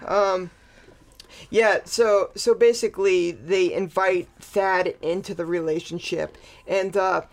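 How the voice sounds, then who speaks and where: A man's voice: high-pitched, fairly even intonation, slow pace. A man co-hosting a podcast in rambling, sarcastic casual chat, swearing freely. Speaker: podcast co-host.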